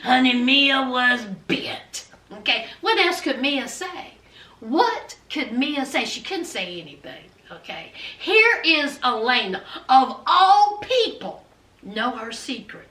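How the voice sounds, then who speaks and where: A woman giving a chatty, animated recap of a TV episode, calling her viewers "honey" and "child" as she talks. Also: sits high, takes it slowly. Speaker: TV episode reviewer. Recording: roomy, distant from mic.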